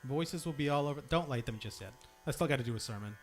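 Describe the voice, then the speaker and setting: Teaching a temple congregation to practice long sung notes, the young singing leader demonstrates and encourages throughout. He speaks fast at a medium pitch in the temple hall, with soft music playing behind.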